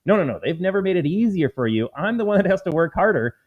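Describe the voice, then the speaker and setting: Calling his audience folks, a US man hosts a political commentary livestream with an emphatic, combative delivery. His voice sits high, and he's very animated and talks fast. Expect slightly dull, lo-fi stream audio.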